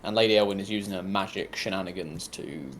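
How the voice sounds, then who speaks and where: A man narrating a tabletop game as game master, relaxed and often pausing with ums. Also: deep voice, a little hiss or hum.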